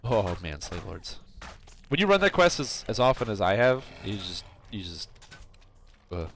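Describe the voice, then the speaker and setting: A man's voice: on the low side, sing-song, normal speed, a bit bright, a little hiss or hum. A man streaming a game, chatting casually in a rambling way with plenty of fillers and self-corrections. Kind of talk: casual chat while playing.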